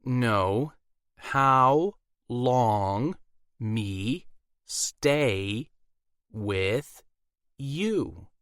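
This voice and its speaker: A man voicing a blunt, sarcastic young witch woman in a raised pitch. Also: expressive, normal speed, a bit bright, dry recording, studio quality.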